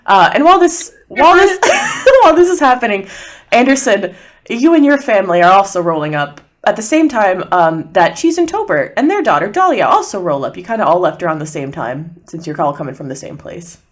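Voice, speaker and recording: A woman's voice: mid-range voice, big pitch swings, fairly quick. Chatty woman running a tabletop game. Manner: laughing, loose and chatty. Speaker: game master.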